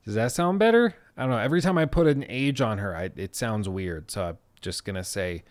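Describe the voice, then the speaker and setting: A man with a fairly low voice talks through his commentary in a relaxed, conversational way. He is analytical, but often drops in casual, self-deprecating asides. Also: a little fast. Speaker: video essayist.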